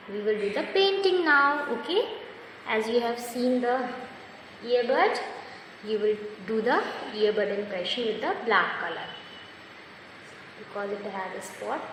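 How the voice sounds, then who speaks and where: Lady teaching kids crafts, slow and patient, higher voice, real echoey room with long reverb. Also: fairly bright tone, a little hiss or hum. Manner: slow, patient, instructive, praising often. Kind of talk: step-by-step craft lesson for children.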